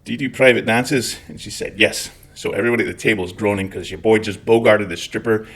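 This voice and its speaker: A man's voice: on the low side, fairly even intonation, fast talker, a bit bright. Wry, profane Scottish man telling stories. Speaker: host. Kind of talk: storytelling monologue.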